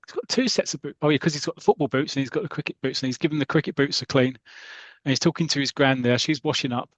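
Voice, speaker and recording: A man's voice: mid-range voice, quick pace, dry recording. A man hosting a podcast, animatedly retelling a comic strip and acting out its scenes. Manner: animated, acts out the story as he reads. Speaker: podcast host.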